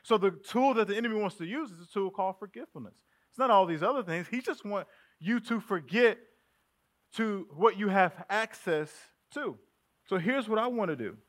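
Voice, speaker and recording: High-voiced man preaching casually. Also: animated, normal speed, fairly bright tone. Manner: conversational preaching, addresses the congregation as family. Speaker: pastor. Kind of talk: sermon. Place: church sanctuary.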